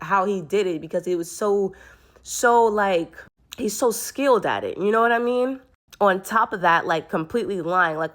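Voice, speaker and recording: A woman's voice: fairly low pitch, fairly bright tone. A woman telling a personal story to camera in an earnest, rambling way, often restarting her sentences. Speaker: vlogger.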